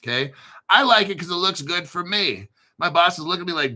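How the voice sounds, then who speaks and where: A man's voice: sits high, expressive, fairly quick, pushed and bright. A man hosting a crypto channel, talking casually off the cuff in a blunt, boastful way full of swearing. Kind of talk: casual unscripted livestream talk.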